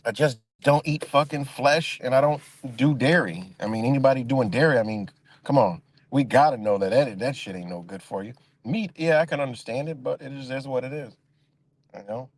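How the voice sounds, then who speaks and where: A man hosting a casual livestream, ranting in a rambling, profane way and mimicking other people in high voices. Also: brisk, no room sound. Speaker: livestream host.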